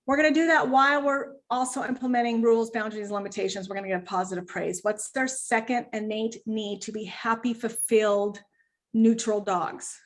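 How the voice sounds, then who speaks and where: A woman dog trainer coaching clients over a video call, animated and quick to act out owners and puppies. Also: a little high. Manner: animated, acts out owners and puppies in quoted voices. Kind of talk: virtual client training session.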